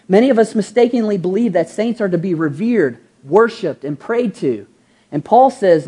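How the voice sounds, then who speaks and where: Warm and expressive, a woman pastor's medium-pitched voice carries a breathy edge as she preaches at a moderate pace. She poses rhetorical questions to the congregation, lingers on key words, and performs everyday quotes in a casual voice.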